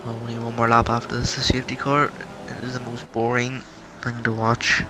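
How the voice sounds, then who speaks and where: A man's voice: medium pitch, completely flat delivery, normal speed. A man casually commentating a sim race, chatty and wondering aloud. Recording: noisy game audio behind. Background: racing car engine noise.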